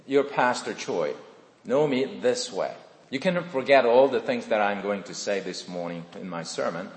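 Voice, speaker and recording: A middle-aged pastor with a Korean accent preaches in a lively, sing-song way, his pitch sitting a little low. He chats and makes self-deprecating asides to the congregation. His voice rings through a large church hall with a long, hanging echo. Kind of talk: sermon. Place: church sanctuary. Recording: echoey hall with long reverb.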